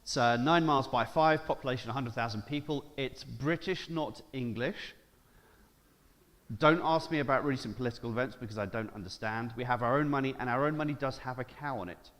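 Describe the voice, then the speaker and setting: A man's voice: mid-range voice, a little fast, a bit bright. A man from Jersey giving a conference keynote, playful and joking, putting questions to the audience. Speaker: keynote speaker. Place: large conference hall. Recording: hall reverb from stage mic.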